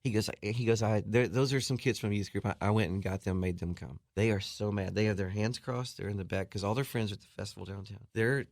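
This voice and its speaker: A man on a radio show telling an animated story, acting out other people's voices and laughing as he goes. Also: fast talker, hardly any pauses, no room sound, clean studio sound. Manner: acts out voices with big jumps in pitch and laughs. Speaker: guest musician telling a story. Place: radio studio.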